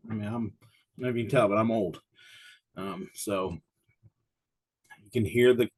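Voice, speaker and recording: A middle-aged man speaks in a lowish, husky voice, slightly winded, as he teaches an exam prep livestream. He is chatty and rambling and pokes fun at himself, talking into a desk mic. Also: normal speed, pauses often, a little mellow, poor audio. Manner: chatty, self-deprecating, rambling. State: a little winded. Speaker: insurance exam instructor.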